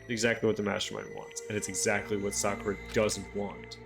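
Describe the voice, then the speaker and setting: A man's voice: on the low side, level tone, quick pace, creaky. A man streaming a visual novel, reading out all the characters' lines and chatting casually with his viewers between scenes. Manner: reads every character's lines himself, then breaks into loose swearing chat. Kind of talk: reading game dialogue aloud while streaming. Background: game music.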